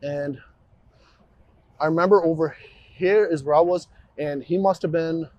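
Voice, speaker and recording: Cop guy walking investigators thru the scene outside, kinda halting, keeps restarting. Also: on the high side, steady tone, lo-fi sound. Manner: halting, repeats and restarts phrases. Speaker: police officer. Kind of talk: on-scene walkthrough interview. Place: outdoors by a roadside.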